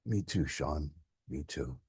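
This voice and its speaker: A man voicing a dying older father who speaks softly, weary and gentle, at peace. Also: a bass voice, animated, slow, breathy edge, no echo, studio quality, pitched below the performer's own voice, full character voice.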